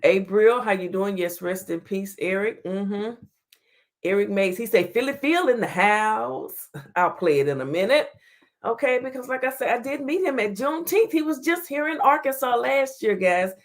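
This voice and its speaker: Lady hosting a livestream, chatty and casual, shouting out viewers as they join. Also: mid-range voice, animated, normal speed. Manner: chatty, greets viewers by name. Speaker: talk show host.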